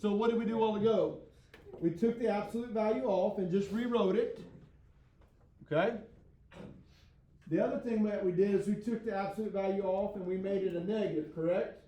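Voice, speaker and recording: A man's voice: sits high, a little fast, long pauses, warm tone, roomy sound. A man teaching a math class, lecturing in a folksy, self-deprecating way and often checking in with his students. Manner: frequent check-ins with the class.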